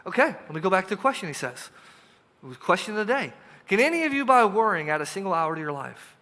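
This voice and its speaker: A high, bright-voiced male pastor delivers a lively sermon, acting out dialogues and sinking into quiet, intense passages. His voice rings with a long reverb from the church hall. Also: fast talker. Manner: animated, acts out dialogue, drops to hushed intensity. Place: church sanctuary.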